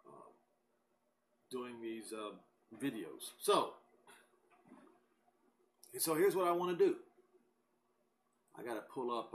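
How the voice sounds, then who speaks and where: Slow, emphatic male Bible teacher. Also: medium pitch, fairly bright tone, rough recording. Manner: slow, deliberate and emphatic, pausing between phrases; reads scripture aloud. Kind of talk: recorded Bible teaching monologue.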